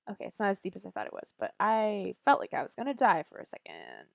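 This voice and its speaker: A woman's voice: medium pitch, huge pitch swings, fast, gravelly, few pauses, no room sound. A woman streaming a game, chatting casually with playful sarcasm and silly beep-boop noises.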